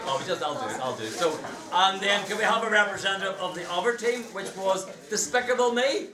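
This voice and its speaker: A man emceeing a party and announcing costume winners, halting with restarts and shouting people up. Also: high-pitched, lively intonation. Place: indoor party. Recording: echoey room, distant mic, loud crowd.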